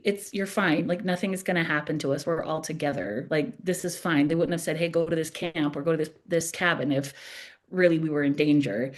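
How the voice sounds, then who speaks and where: A woman with a slightly low voice tells a podcast story from her teen years. She talks casually, with lots of laughs and playful self-mockery. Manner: animated, self-mocking, laughs often. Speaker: podcast host telling a story.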